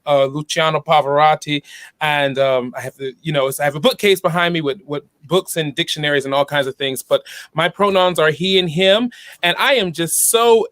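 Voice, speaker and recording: A man's voice: fairly high pitch, a bit bright, dry recording. A man, an opera chorus singer, talking cheerfully with a few restarts over a video call from a room at home.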